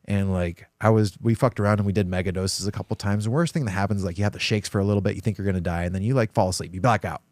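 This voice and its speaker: Here a podcast host with a lowish voice talks very fast with hardly any pauses, captured in a dry, studio-quality recording. His casual stories are lively and full of swearing, and he acts out the quotes.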